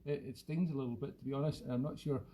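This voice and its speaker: A man's voice: medium pitch, fairly even intonation, fast talker, mellow, a little hiss or hum, natural voice, low-quality recording. A man putting on a rambling boozy whisky expert. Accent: put-on Irish-sounding lilt. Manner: rambling, self-mocking, jokey. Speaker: host. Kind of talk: comic live-stream character monologue. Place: at home, live stream.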